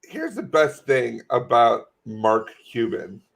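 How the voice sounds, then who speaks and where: A man's voice: mid-range voice, sing-song, slow, vocal fry. A man co-hosting a comedy podcast, chatting casually in a rambling, joking way with plenty of swearing. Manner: rambling, swears, laughs often. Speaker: podcast co-host.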